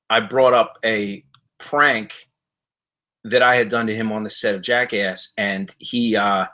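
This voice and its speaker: With a bright, forceful tone, the middle-aged man livestreams from his home library, answering viewer comments. His storytelling is casual, rambling, and halting, thick with fillers, and his voice jumps high when mimicking other people.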